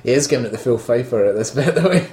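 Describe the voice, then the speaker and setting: Bloke cracking jokes about a movie, echoey room. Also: male voice, mid-range voice, expressive, fast talker, dark tone. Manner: joking, riffing, laughs mid-sentence. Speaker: film commentary co-host. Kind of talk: casual chat.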